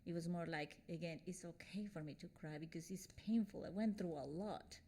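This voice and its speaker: A woman hosting a casual conversation, reflective and repeating phrases softly. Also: fairly low pitch, a little fast. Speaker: host.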